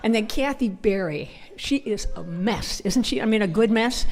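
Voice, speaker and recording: A woman's voice: mid-range voice, expressive, normal speed, darkish tone. A woman with a northern US accent speaking at a church conference. She tells personal stories in a chatty, informal way and often breaks into laughter. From northern United States. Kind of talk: personal storytelling talk.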